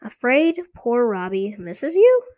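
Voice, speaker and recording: A woman voicing a sassy male ventriloquist dummy in a storybook reading, with a tight, squeaky, high-pitched voice and a rude, mocking manner. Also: huge pitch swings, slow, darkish tone, no room sound, lo-fi sound, full character voice. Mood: taunting.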